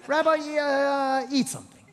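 Brief: stammering, nervous followers done by a preacher, pitched way up. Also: male voice, fairly even intonation, normal speed, fairly bright tone, big-room sound. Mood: fretful. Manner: hesitant, stammering. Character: flustered, worried male disciples.

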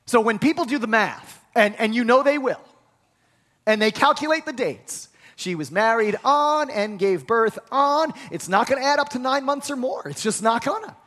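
A male pastor delivers a sermon in a noticeably high voice. He speaks emphatically, often repeating the first word of a sentence before pushing on. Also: animated, normal speed, a bit bright. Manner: emphatic, repeats words when starting sentences.

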